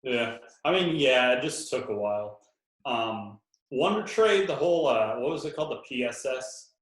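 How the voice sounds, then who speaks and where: A man's voice: medium pitch, expressive, moderate pace. Laid-back man in an echoey room. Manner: laid-back, joking, lots of fillers. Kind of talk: casual chat.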